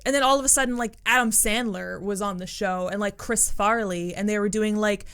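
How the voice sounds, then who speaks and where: A woman's voice: mid-range voice, fairly even intonation, brisk, fairly bright tone, clear, resonant tone. A woman co-hosting a podcast, chatting casually and rambling with lots of fillers. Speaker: podcast co-host. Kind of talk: casual chat.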